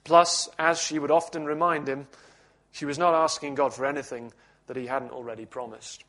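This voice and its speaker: Measured male preacher, slightly high voice. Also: steady tone. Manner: measured, reflective teaching with gentle humor. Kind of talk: sermon.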